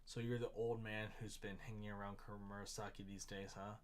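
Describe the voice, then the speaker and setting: A man reading aloud the lines of a gruff, mocking male gang boss, in his own plain voice. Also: on the low side, level tone, fairly quick, natural voice.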